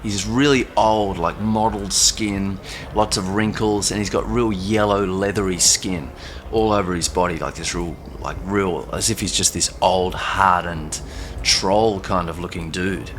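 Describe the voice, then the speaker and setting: A young man telling a personal story in a loose, halting way, full of fillers and restarts. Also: low-pitched, fairly even intonation, slight background noise. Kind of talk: casual first-person storytelling. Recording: faint music underneath.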